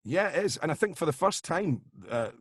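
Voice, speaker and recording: A man's voice: fairly high pitch, big pitch swings, a little fast, no room sound, studio quality. A man, a voice actor and impressionist, chatting casually on a video call, trailing off and restarting as he talks. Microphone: video call microphone.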